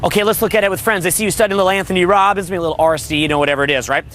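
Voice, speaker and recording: A man's voice: sits high, steady tone, racing, a bit bright, faint music behind. A man coaching on dating in a brash, crude monologue, riffing and mimicking other people. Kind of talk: motivational monologue.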